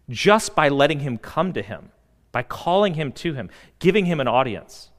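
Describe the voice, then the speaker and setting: A pastor preaches earnestly in a large hall, his fairly high voice very animated as it swells to emphatic peaks and drops into hushed, slow passages.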